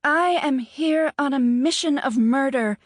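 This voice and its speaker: A woman's voice: high-pitched, unhurried, dry recording, studio quality, pitched above the performer's own voice. A woman voicing a dreamy, defiant young woman in an audiobook, making bold, mock-grand declarations.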